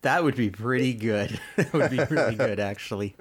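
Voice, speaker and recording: A man's voice: mid-range voice, normal speed, slightly rough. A man co-hosting a casual podcast, mostly giving brief reactions and wry asides. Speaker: podcast co-host.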